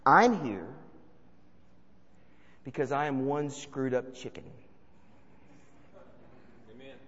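Animated male preacher in echoing hall. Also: mid-range voice, slow, muffled recording. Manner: animated, swings between loud and hushed. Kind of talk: sermon with storytelling.

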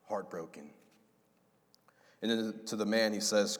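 A low-voiced man preaching a sermon with lively delivery, acting out the voices in the passage he tells. His words ring with a long reverb, as in a large hall. He talks casually to the congregation. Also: a little slow. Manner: animated, acts out voices of God and Adam. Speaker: pastor.

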